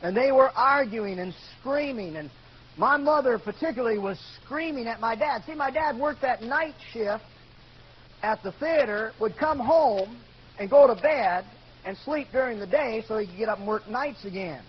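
An older man telling a personal story in a sermon, earnest and building to loud outbursts. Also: extremely high pitch, expressive, moderate pace, husky. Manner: earnest storytelling, rises to shouting when quoting. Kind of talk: sermon testimony. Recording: dull lo-fi recording with faint noise.

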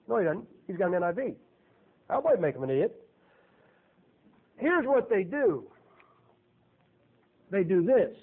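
A man's voice: sits high, sing-song, moderate pace, long pauses, husky. A man preaching a folksy, emphatic sermon, throwing rhetorical questions at his audience. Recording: tinny, phone-like sound.

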